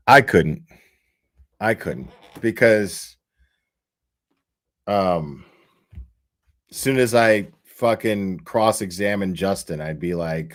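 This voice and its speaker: A man's voice: deep voice, very slow, pauses often. A profane, emotional man commenting on a livestream. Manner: animated, profane, emotional and rambling, with restarts. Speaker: livestream host reading case documents.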